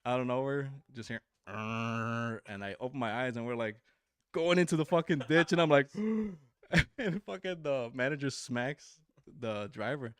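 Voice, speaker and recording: A man's voice: mid-range voice, normal speed, clear, resonant tone, no room sound, studio quality. A man telling tour stories as a podcast guest, casual and full of swearing. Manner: profane, animated storyteller. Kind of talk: casual storytelling.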